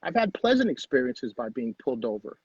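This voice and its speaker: A man's voice: medium pitch, big pitch swings, brisk, a little mellow, husky, no echo, dull audio. A middle-aged man telling a personal story as a guest in a conversation, earnest and repeating phrases for emphasis.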